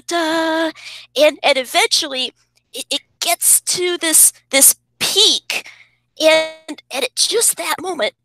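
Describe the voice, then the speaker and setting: A woman's voice: high-pitched, pushed and bright, no echo, voice pushed up, full character voice. A woman doing an impression of a famous male singer-pianist telling an emotional story over a video call.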